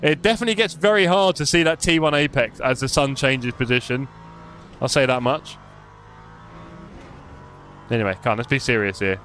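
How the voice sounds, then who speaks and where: A man's voice: medium pitch, normal speed, pauses often, a bit bright, slight background noise. A young man live-streaming sim racing, chatty and self-mocking, calling the race as he drives.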